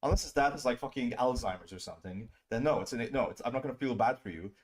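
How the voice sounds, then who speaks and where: A man ranting as a streamer host in stream commentary, profane and scornful, often mocking people in a whiny high voice. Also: fast.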